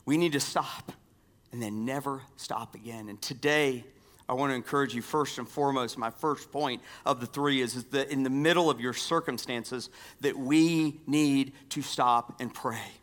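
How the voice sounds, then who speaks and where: A pastor giving a sermon, repeating key phrases and dropping from strong emphasis to near-whispers. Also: male voice, medium pitch, moderate pace. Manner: dynamic swings from loud emphasis to hushed near-whispers.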